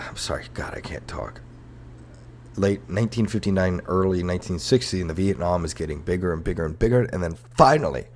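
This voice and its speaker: Deep-voiced man, loose comedic host. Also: creaky, a little hiss or hum. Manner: loose and profane, with fillers and self-corrections. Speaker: podcast host. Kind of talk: casual comedic history talk.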